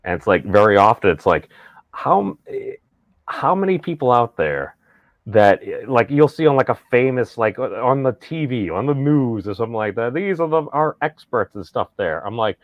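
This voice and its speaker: A man's voice: mid-range voice, very animated, moderate pace, no room sound. An American man hosting a casual podcast chat, rambling with restarts and wry asides. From United States. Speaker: podcast host. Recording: dull, dry sound.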